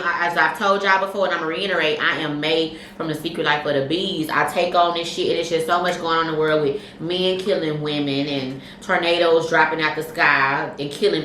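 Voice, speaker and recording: Fast-talking, bright-voiced woman podcast host. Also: on the low side, roomy sound, recorded from a distance, slight background noise. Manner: candid, profane, animated storytelling. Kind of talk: casual chat, storytelling.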